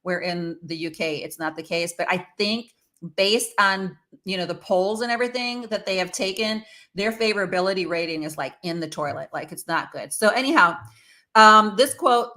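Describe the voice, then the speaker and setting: Woman host chatting away w/ her opinions, bright sharp voice, lots of um and like. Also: mid-range voice, normal speed. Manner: chatty and opinionated, with many fillers. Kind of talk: casual commentary on celebrity news.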